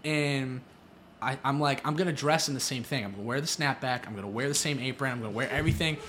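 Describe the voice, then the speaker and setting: A young man, a podcast guest, telling stories in a loose, rambling way full of "like", and dropping into a low mumble for asides. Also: fast, bright, forceful tone. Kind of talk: casual chat.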